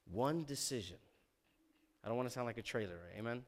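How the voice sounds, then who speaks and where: In a church sanctuary, a man preaches a sermon, reading scripture aloud and breaking off with loud emphasis, quiet asides, and calls of "amen?" His delivery is rapid-fire and clear, with a resonant tone.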